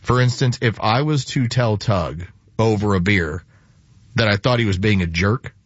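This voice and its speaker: A man's voice: on the low side, normal speed, dry recording, highs cut off. A man co-hosting morning radio talk, dropping dry, wry asides. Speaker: radio co-host.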